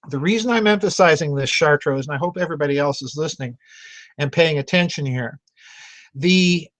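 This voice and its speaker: A man's voice: fairly high pitch, fairly bright tone, no echo. A man hosting a members' video chat, answering questions in an emphatic, direct way and often restarting words. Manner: emphatic, repeats words when restarting, addresses listener directly. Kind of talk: vidchat commentary. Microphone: video call.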